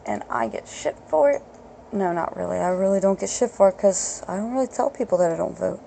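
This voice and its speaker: A woman's voice: fairly low pitch, very animated, brisk, gravelly, mellow, a little hiss or hum, rough recording. A woman hosting her own podcast, ranting bluntly and profanely in an unscripted solo talk. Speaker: podcast host.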